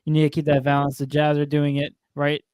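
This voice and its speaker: A man's voice: on the high side, completely flat delivery, a little fast, darkish tone, smooth, no room sound. A young man co-hosting a casual sports podcast, keeping the show moving in an upbeat, joking way. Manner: upbeat, steers the show, jokey. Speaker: podcast co-host.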